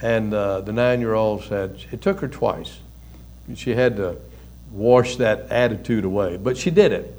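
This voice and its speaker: An older man, a pastor and counselor, giving a conversational sermon with folksy stories and soft chuckles. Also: on the low side, unhurried.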